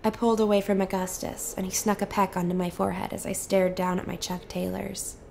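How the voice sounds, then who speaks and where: A young woman giving a soft, measured and intimate reading of a novel as scripted narration. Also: medium pitch, little pitch movement, creaky, a little hiss or hum. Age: young adult. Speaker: student reader.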